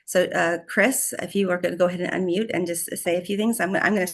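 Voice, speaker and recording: A woman's voice: lowish voice, steady tone, quick pace. A woman hosting an online community call, effusive, praising and openly emotional. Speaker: host. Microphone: video call.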